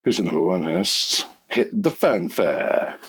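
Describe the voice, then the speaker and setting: A man co-hosting a podcast, telling sweary, animated stories in casual chat. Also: low voice, unhurried, over loud music. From Britain. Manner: sweary, animated storytelling with bursts of laughter. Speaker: podcast co-host.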